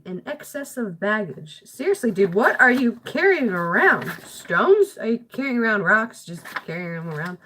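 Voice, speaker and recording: A woman's voice: mid-range voice, a bit bright. A girl in her late teens, talking to herself at home in a rambling, self-deprecating, chatty way while doing homework. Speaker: vlogger.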